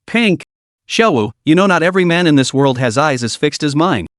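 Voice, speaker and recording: Man voicing a teasing young bodyguard, sly, lively, slightly raised pitch, dry close sound. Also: fairly quick, dry recording. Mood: musing.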